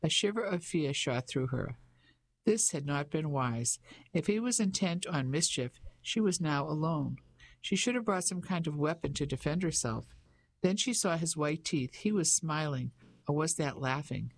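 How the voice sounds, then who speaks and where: An audiobook narrator reading a novel chapter in a steady, measured way. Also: mid-range voice, poor audio. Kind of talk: scripted narration.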